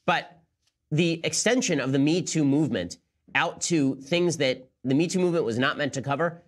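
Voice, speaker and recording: A man's voice: on the high side, moderate pace. A man hosting a political commentary show, talking sarcastically and with disbelief. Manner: sarcastic, incredulous. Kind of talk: rapid-fire commentary.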